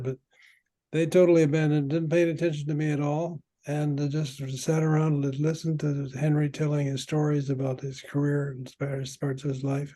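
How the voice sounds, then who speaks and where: An older man, a veteran player, telling rambling stories from the old days with halting restarts. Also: fairly high pitch, warm tone. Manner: halting, many restarts while recalling. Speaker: guest, veteran padel player. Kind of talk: rambling anecdotal storytelling.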